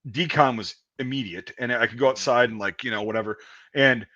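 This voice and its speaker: A man's voice: mid-range voice, fairly quick, sharp tone. Profane veteran man telling army stories. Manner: swears a lot, mimics screams when retelling. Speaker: podcast host. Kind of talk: casual profane chat. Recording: dull lo-fi sound.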